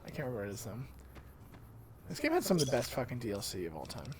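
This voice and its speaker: A man's voice: medium pitch, wildly swooping pitch, rapid-fire, slight background noise. A man streaming a game, joking around and swearing casually as he plays. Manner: profane, joking banter. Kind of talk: casual gameplay chat.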